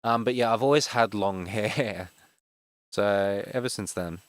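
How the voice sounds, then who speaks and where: A man in his twenties from Australia with a broad Western Sydney accent, a game streamer who talks fast and rambles with many fillers in casual chat. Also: fairly low pitch, dry recording. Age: 20s.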